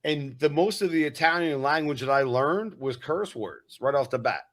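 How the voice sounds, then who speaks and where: A man's voice: fairly high pitch, normal speed. A man with an East Coast American accent, hosting a casual chat and acting out voices as he tells stories. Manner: animated storyteller who acts out voices. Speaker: podcast host.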